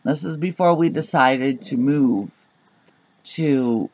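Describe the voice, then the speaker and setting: A woman co-hosting a podcast, telling an animated, rambling story full of fillers on a dull lo-fi recording. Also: extremely low pitch, slow, no room sound. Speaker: podcast co-host. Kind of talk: casual storytelling chat. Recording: dull lo-fi sound.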